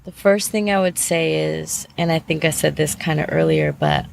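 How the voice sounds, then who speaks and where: A woman's voice: low-pitched, moderate pace, gravelly, slight background noise. A middle-aged woman, a podcast guest, giving reflective, earnest advice in a candid interview, with many fillers.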